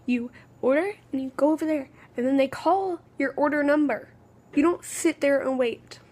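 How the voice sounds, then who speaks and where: A woman's voice: sits high, normal speed, darkish tone. A woman, telling a rambling, exasperated story in a casual vlog. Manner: rambling, exasperated, full of "okay" restarts. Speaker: vlogger.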